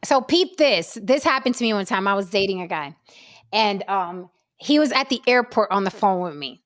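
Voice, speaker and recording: A woman hosting a casual talk show, telling stories in an animated, profane way. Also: medium pitch, moderate pace, dry recording, studio quality. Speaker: podcast host. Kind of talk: casual chat.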